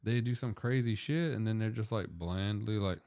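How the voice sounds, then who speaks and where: A man's voice: fairly low pitch, normal speed, darkish tone, no echo, studio quality. A man on a podcast casually retelling a movie in a loose, rambling way. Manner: rambling, loose storytelling full of fillers. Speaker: podcast co-host.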